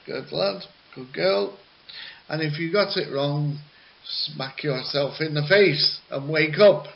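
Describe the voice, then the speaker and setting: A man teaching an English lesson, explaining answers with patient, jokey asides and frequent pauses. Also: fairly high pitch, vocal fry. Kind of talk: recorded classroom lesson. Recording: slightly muffled with faint hiss.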